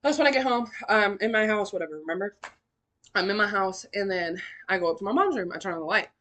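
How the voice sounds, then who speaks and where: A young woman hosting a podcast, telling her own story in a blunt, profane, animated way with big swings in pitch and loudness. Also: fast talker. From California. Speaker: podcast host. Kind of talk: candid personal storytelling.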